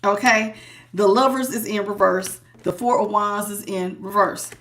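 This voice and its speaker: A woman's voice: mid-range voice, moderate pace, fairly bright tone. A woman hosting a live tarot reading, chatting casually with viewers and laughing often.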